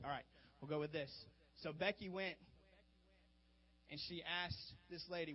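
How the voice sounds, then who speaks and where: High-voiced preacher man. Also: normal speed, pauses often, slight background noise. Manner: animated, swings from hushed to loud. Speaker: pastor. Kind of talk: sermon. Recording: dull lo-fi recording.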